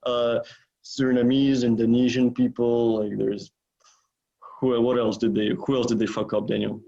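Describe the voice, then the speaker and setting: A man's voice: mid-range voice, level tone, normal speed, vocal fry, warm tone, highs cut off. Rambling, profane male podcast host. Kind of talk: casual chat.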